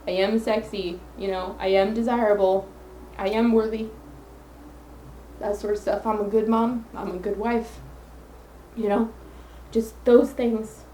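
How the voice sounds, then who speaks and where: A woman's voice: mid-range voice, steady tone, unhurried, mellow. Brief: woman solo podcast host, sincere and rambling, phone mic in an echoey room with faint hum. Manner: earnest, rambling with self-affirmations.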